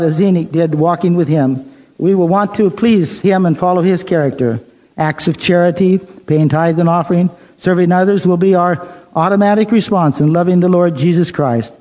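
Male preacher, mellow and fairly high, measured sermon storytelling. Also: poor audio.

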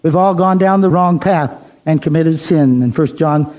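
A man preaching a sermon, telling a story in a measured way and reading the dialogue plainly. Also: a little high, a little mellow, poor audio.

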